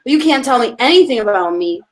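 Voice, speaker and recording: High-voiced animated woman coach. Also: quick pace. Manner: animated, laughing, swears casually, acts out quotes. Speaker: business coach guest. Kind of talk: casual live-stream interview.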